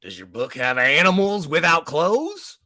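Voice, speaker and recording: A man's voice: a little high, wildly swooping pitch, unhurried, bright, forceful tone, full character voice. A man voicing an angry, hotheaded male match who bullies and bans books, reading aloud in a playful children's-book style.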